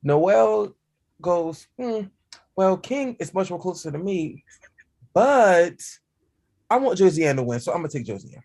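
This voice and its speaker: A man's voice: high voice, very animated, unhurried, creaky, long pauses, darkish tone. A man in a casual chat, explaining things in a chatty way with lots of fillers.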